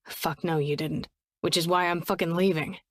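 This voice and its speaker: A woman voicing a gruff, guarded young man who talks low and blunt, clipped and swearing. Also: fairly even intonation, normal speed, no echo, clean studio sound, close to an everyday voice. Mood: tense, guarded.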